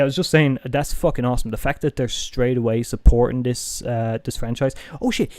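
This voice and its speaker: A man's voice: medium pitch, dark tone, no echo. A young Irish man with a toned-down Dublin accent, chatting casually on a live stream, swearing freely and restarting his sentences. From Ireland.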